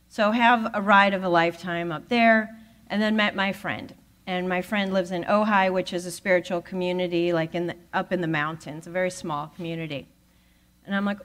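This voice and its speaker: A woman giving a talk at a spiritual center, telling a personal story with lively acted-out dialogue. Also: on the low side. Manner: animated storyteller who acts out quoted voices. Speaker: guest speaker at a spiritual center.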